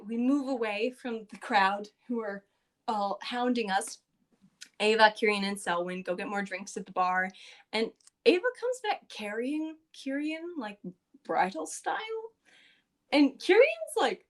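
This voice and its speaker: A woman's voice: a little high, animated, unhurried. A woman podcast co-host casually recapping a tabletop game session, chatty and loose with lots of fillers.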